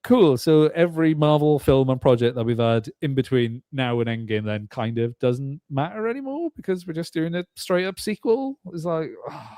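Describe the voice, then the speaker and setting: A man's voice: mid-range voice, moderate pace, few pauses, mellow, clear, resonant tone, no room sound, studio quality. A British man hosting a casual podcast chat, talking with lots of fillers and restarts. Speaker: podcast host.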